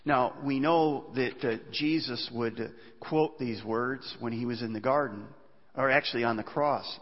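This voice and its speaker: A man preaching a sermon as pastor, animated and often voicing cries of despair. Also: mid-range voice, unhurried. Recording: dull sound, long reverb of a large hall.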